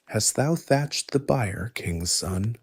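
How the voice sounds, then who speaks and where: A man voicing a demanding giant who sets hard tasks, speaking slowly and softly in old-fashioned words, in soft ASMR storytelling. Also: medium pitch, animated, slightly rough, no room sound, heavily acted. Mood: stern. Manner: slow, hushed, formal old-fashioned speech. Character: demanding male giant, gruff taskmaster.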